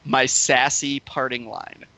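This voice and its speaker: A man in casual podcast chat, telling an animated story full of "like" and swearing, often acting out what people said. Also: medium pitch, slow. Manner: animated, heavy use of "like", swears freely, acts out quoted voices.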